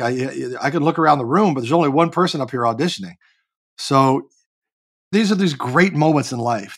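A man in his fifties, an actor and comedian, telling stories as a guest in a casual interview with lots of swearing and shouted reenactments. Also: medium pitch. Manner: animated, profane, barks when reenacting.

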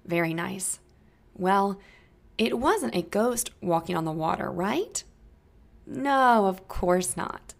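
A woman narrating a Bible story for young children, gentle and inviting the listeners to join in. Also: mid-range voice, lively intonation, slow, creaky.

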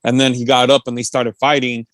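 A young man co-hosting a podcast, chatting casually in a halting way with many restarts. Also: mid-range voice, flat delivery, a bit bright, no echo. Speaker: podcast co-host. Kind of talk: casual chat.

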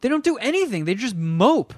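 High-voiced man ranting profanely. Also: sing-song, brisk, a little mellow, no echo, clean studio sound. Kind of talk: casual comedic movie rant.

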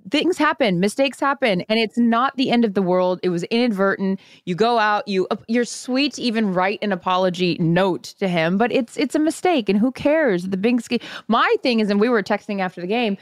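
A woman's voice: mid-range voice, animated, moderate pace, few pauses, dry recording, studio quality. A woman host chatting casually, reassuring and supportive. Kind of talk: casual chat.

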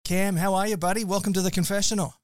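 A man's voice: sits high, flat delivery, fast talker, background noise. Australian man, upbeat podcast host. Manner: upbeat, chatty, with loose fillers. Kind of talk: live podcast chat.

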